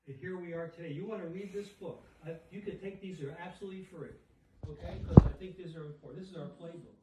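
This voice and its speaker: A middle-aged or older man giving an animated talk at a society dinner, asking the audience questions. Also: fairly high pitch, quick pace, heavy background noise. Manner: animated, asks the room questions. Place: banquet room with audience. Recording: echoey room, speaker far from mic.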